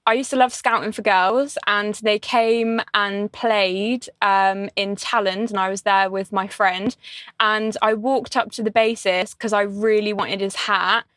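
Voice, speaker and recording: A woman answering interview questions, self-deprecating and quick to giggle. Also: medium pitch, fairly even intonation, a bit bright, no room sound. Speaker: interview guest, artist.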